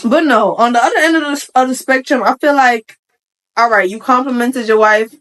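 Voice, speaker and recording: A young adult woman giving casual commentary on a Reddit post, chatty and slangy, with frank opinions and quick asides. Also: a little high, a bit bright. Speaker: vlogger reacting to a Reddit post.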